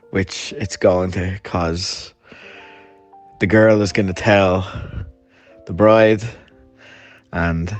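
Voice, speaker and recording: A hungover man telling a friend a story in a voice note, laughing often and swearing as he rambles. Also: fairly low pitch. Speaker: podcast host.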